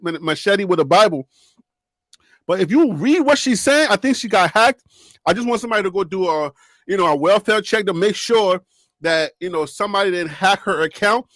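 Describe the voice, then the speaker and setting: A woman hosting a casual live sports talk show, animated and laughing often as she teases her co-hosts. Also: lowish voice, no room sound, studio quality.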